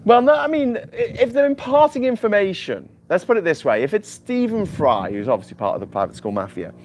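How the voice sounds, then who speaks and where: A man's voice: sits high, sing-song, fairly quick, darkish tone, slight background noise. A man hosting a livestream in a casual, jokey, rambling chat, often repeating words as he starts sentences. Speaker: livestream host. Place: island home without mains power.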